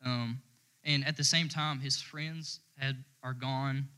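A man's voice: mid-range voice, steady tone, slow, pushed and bright, clean tone, poor audio. A man preaching to his church in a loose, conversational style. He rambles, circles back and restarts his sentences often as he works through his thoughts. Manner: informal and rambling, many fillers and restarts. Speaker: church speaker. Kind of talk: casual conversational sermon.

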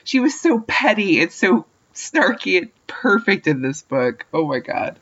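A woman's voice: fairly low pitch, big pitch swings, unhurried, a bit bright. A woman chatting casually on a book podcast, gushing and enthusiastic. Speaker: podcast co-host. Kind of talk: casual book-club chat. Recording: dull lo-fi mic.

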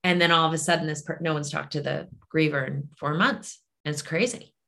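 A woman's voice: deep voice, steady tone, a little fast, vocal fry, a bit bright. A woman who works as a grief clinician and hosts a podcast, talking in an earnest, emphatic way and acting out the phrases people say. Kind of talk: casual conversation.

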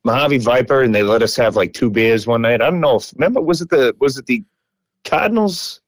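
A man on a podcast chatting casually, telling a story with swearing and quick jumps in his voice. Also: no echo. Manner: lively, swearing, jumps between pitches. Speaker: podcast co-host.

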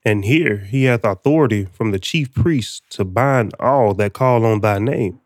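Brief: man reading scripture aloud, steady and plain, dry sound. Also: fairly low pitch, unhurried, no echo. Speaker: scripture reader.

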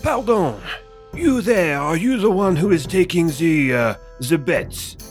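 A man voicing a fussy male adventurer posing as a noble, with a halting, put-on French accent, in tabletop role-play. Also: fairly high pitch, expressive, soft background music. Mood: formal.

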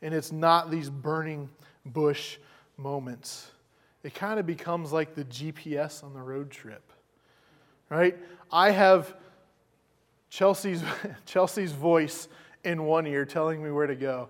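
A man's voice: fairly high pitch, takes it slowly, pauses often, long reverb tail. A man preaching a sermon as pastor, conversational, repeating words as he goes.

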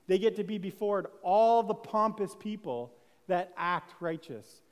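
High-voiced man preaching in a reverberant hall. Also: unhurried. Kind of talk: sermon.

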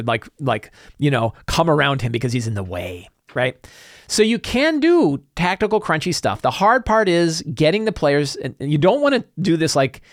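A middle-aged man hosts a casual solo talk show, his slightly high voice swinging widely in pitch as he animates little snatches of dialogue. The sound is close and dry, with no room around it. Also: no room sound. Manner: animated, acts out player and game master lines in quick asides. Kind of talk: solo casual talk about tabletop games.

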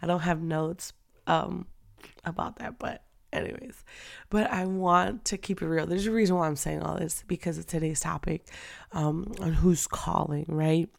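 A young woman with a lowish, gravelly voice talks unscripted about faith and dating, candid and chatty. She laughs often and moves between hushed asides and loud, preacher-like stretches. The sound is dry and close. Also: fairly even intonation, moderate pace, no echo. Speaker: faith-based podcast host. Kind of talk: unscripted casual girl talk. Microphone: audio only, not on camera.

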